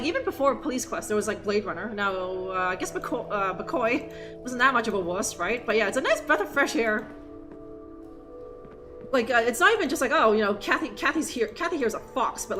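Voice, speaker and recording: Young woman streamer, kinda high voice, swears a lot and keeps cutting herself off, loud game music behind. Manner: rambling, profane, self-interrupting. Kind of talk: live game stream commentary.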